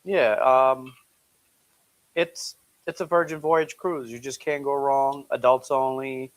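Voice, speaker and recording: A man co-hosting a casual live stream from a couch at home, talking in a relaxed way and joking dryly. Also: mid-range voice, takes it slowly, no echo, poor audio. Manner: relaxed, easygoing, jokes dryly. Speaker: co-host.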